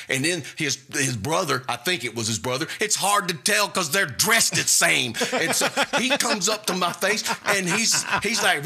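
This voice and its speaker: A middle-aged man, hosting a radio show and telling a story in an animated, chatty way with self-deprecating humor. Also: a little high, normal speed, hardly any pauses, breathy edge. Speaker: radio host.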